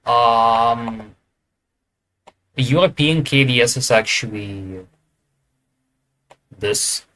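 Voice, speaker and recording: A man's voice: mid-range voice, extremely slow, pushed and bright. Man ranking teams, thinking aloud. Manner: thinking aloud, hesitant with fillers and self-corrections. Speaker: esports tier list creator. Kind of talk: casual commentary while ranking.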